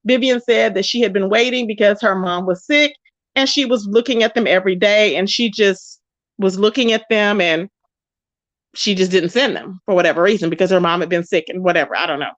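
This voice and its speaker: A woman hosting an online commentary show, ranting in a sassy, confrontational way with drawn-out emphatic phrases. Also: medium pitch, no room sound. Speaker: YouTube commentary host. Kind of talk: casual commentary rant. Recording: dull, lo-fi, dry.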